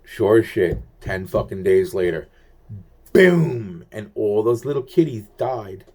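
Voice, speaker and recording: A man with a somewhat low voice talks straight through a long personal story. He swears constantly and drifts from thought to thought. He often breaks off a sentence and starts it again. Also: animated, takes it slowly, darkish tone. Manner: heavily profane, rambling, restarts sentences. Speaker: vlogger recounting personal events. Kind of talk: rambling first-person monologue.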